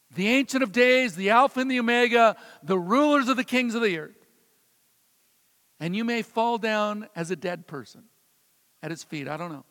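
A man delivers a sermon from the pulpit with a high, bright-sounding voice. His words carry a long reverb through a large sanctuary. He tells stories and drops to a hushed, gentle tone when quoting. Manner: storytelling preacher, drops to soft hushed quotes. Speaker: pastor.

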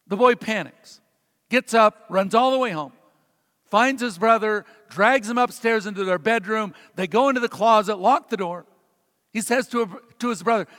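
A man preaching a sermon as a pastor, telling stories dramatically and swinging between loud emphasis and hushed, quiet passages. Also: sits high, a little fast. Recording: long reverb of a large hall.

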